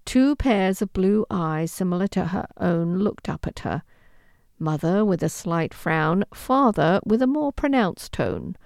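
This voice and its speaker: A woman reads a historical romance aloud with expressive storytelling. Her pitch moves freely, rising and falling through the sentences. The recording is close and dry, with no room sound. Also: unhurried, gravelly, no room sound. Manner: expressive, with lively intonation. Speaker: audiobook narrator. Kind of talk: scripted narration of a historical romance.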